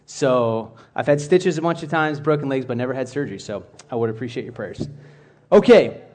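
A man's voice: medium pitch, expressive, brisk, a little mellow. A man giving a casual, conversational sermon to a church group, rambling a little with asides and restarts. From United States. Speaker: church speaker.

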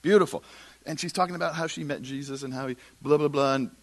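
A middle-aged man telling a lively personal faith story at a church, acting out the people he quotes. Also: quick pace. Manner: animated storyteller, quotes others in lowered voice. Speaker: speaker at a church. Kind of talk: storytelling sermon talk.

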